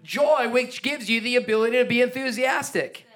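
A man preaching a sermon as pastor, energetic and emphatic, with playful asides and chuckles. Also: very high voice, moderate pace.

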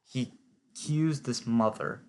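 A man's voice: medium pitch, takes it slowly. A man giving a casual, opinionated spoken recap, chatty and filling his talk with "like". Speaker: TV recap vlogger.

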